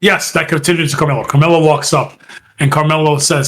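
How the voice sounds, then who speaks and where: A man's voice: a little high, level tone, fast talker, fairly bright tone. A man co-hosting a podcast in casual chat, animatedly retelling events and acting out quotes in a raised voice. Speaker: podcast co-host.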